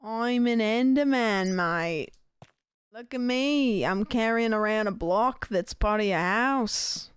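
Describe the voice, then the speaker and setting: Woman playing a nervous Enderman with mock Aussie twang. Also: on the high side. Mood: goofy nervous. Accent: mock Australian. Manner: slow, drawn-out, hammy delivery. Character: nervous lanky Enderman creature, jittery and shy. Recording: noisy game stream audio.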